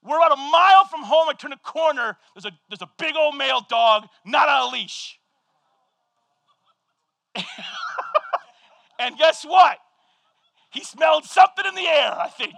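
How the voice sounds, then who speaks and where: A middle-aged male pastor giving a sermon, telling a story with lively energy and shouting at the high points. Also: vocal fry, no room sound. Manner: animated storytelling, shouting at peaks, quick asides.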